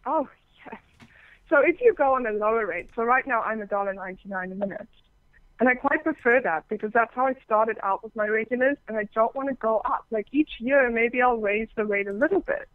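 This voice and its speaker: A woman's voice: fairly high pitch, brisk, no room sound. Woman talking over a thin phone-like line. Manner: lively storyteller who acts out quoted callers, with many fillers and restarts. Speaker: podcaster and phone sex operator, guest. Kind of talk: casual interview chat. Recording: thin, dry phone-like sound.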